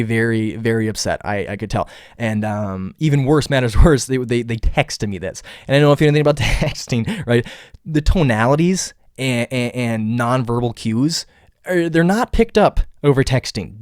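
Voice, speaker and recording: A man hosting his own podcast, talking casually on his own, rambling and repeating words with many fillers, and acting out quoted lines in a higher voice. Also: dry recording, clean studio sound. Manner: acts out quoted dialogue in a raised voice. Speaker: podcast host. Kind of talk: casual solo podcast monologue.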